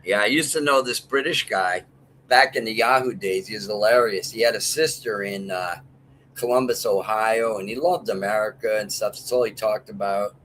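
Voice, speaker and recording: A man's voice: fairly low pitch, normal speed, fairly bright tone, slight background noise, rough recording. An older man chatting casually as a guest, rambling through jokey stories and laughing often. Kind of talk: casual livestream chat.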